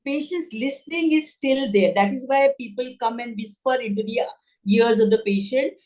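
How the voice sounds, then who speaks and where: A woman's voice: on the high side, normal speed, a little mellow, rough recording. A middle-aged woman giving an online lecture to nurses, speaking in an emphatic, earnest way and repeating points to drive them home. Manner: emphatic, repetitive, earnest teaching tone. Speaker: nursing webinar speaker.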